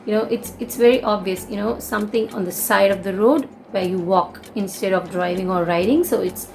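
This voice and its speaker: A woman's voice: mid-range voice, a little fast, gravelly, darkish tone, a little hiss or hum. A young woman with an Indian English accent, giving a casual English lesson and explaining things with many fillers and restatements. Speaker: English teacher.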